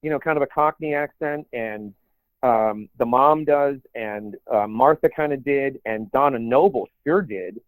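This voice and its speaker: A podcast co-host with a mid-range voice speaks a little slowly in casual conversation. He rambles, restarts often, and slips into put-on quotes, and the recording is dry with a tinny, phone-like sound.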